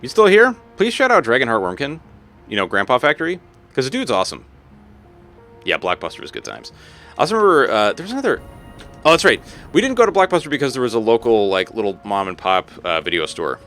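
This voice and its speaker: A man in his thirties chatting loosely with his stream while he plays. His pitch swings up and down a lot, and his bright, forceful tone keeps the banter bouncing along with jokes and casual swearing. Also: fast, soft background music. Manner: animated, joking, swears freely, talks to chat. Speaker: game streamer. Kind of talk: casual live-stream chat while gaming.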